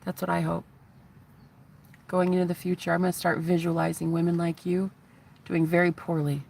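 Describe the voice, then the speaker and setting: A woman's voice: fairly low pitch, little pitch movement, normal speed, creaky, a little mellow. A woman in her thirties, a spiritual vlogger, giving a heated, profane, taunting rant to the camera. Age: 30s.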